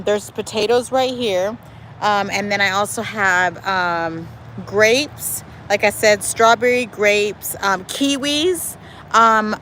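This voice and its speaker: A woman hosting a casual live stream outdoors in her backyard, talking to viewers in a lively, chatty way and calling them y'all. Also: mid-range voice, low-quality recording. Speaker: livestream host. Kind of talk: casual live chat reading viewer comments. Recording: faint outdoor noise with traffic.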